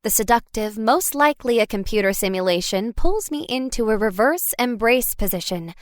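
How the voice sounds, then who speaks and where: A woman reading a first-person story aloud as an audiobook narrator, expressive and wry. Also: a little high, moderate pace, no room sound, studio quality.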